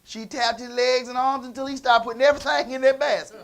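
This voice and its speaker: A man preaching in a church, telling a family story in a conversational way that moves from quiet asides to loud emphasis. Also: very high voice, little pitch movement, fast talker, creaky. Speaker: pastor. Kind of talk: storytelling sermon.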